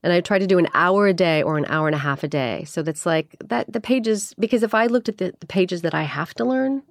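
A woman in her forties, an actress, chatting in an interview and acting out her own thoughts in quick, lively asides. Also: fairly low pitch, no echo, clean studio sound. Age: 40s. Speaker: actress guest. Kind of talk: casual interview chat.

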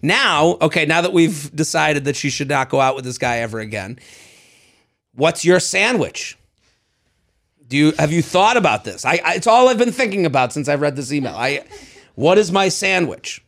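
A man co-hosting a casual advice podcast, joking and animated, often stammering as he restarts. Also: a little high, moderate pace. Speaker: podcast co-host. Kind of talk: casual chat.

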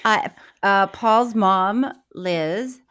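A woman's voice: medium pitch, extremely slow, fairly bright tone, clear, resonant tone. A woman co-hosting a podcast, telling a story in casual chat, acting out the quotes and laughing often. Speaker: podcast co-host.

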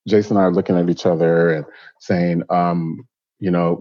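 A man's voice: deep voice, normal speed, lo-fi sound. A man who owns hair salons, answering interview questions and telling stories animatedly. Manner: animated storyteller, acts out quoted voices. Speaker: hairstylist and salon owner.

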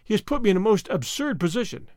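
A man voicing an excitable, exasperated male war correspondent in a storybook reading. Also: high-pitched, fast, no echo, studio quality. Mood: frantic.

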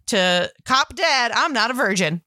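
A woman co-hosting a casual movie podcast, animated and acting out quoted lines. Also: on the high side, a little slow, no echo. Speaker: podcast co-host. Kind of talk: casual chat about a movie.

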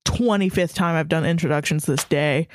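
A woman's voice: sits low, normal speed, no echo, studio quality. A young woman co-hosting a podcast, telling stories in casual, profane, self-mocking banter with frequent giggles. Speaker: podcast co-host.

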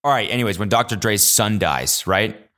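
A young man hosting a casual solo podcast, telling animated stories with lots of swearing and high-pitched acted-out quotes. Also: normal speed. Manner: animated storyteller, swears a lot, jumps high in pitch when acting out quotes. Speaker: podcast host.

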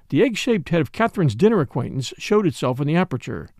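Guy reading a mystery audiobook, kinda high voice, dry close mic. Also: fast, vocal fry, no room sound. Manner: expressive storytelling. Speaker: narrator. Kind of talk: audiobook narration.

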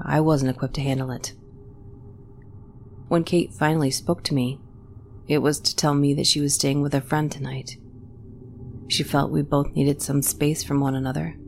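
A woman narrates a first-person horror story in a low, steady voice. Her delivery is measured and even. Faint noise sits underneath. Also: gravelly.

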